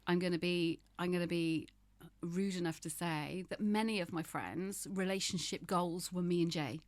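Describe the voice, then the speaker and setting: A woman's voice: on the low side, steady tone, normal speed, no room sound. A woman in her fifties, a guest in an interview, speaking frankly and emphatically with wry humor. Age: 50s. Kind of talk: candid interview conversation.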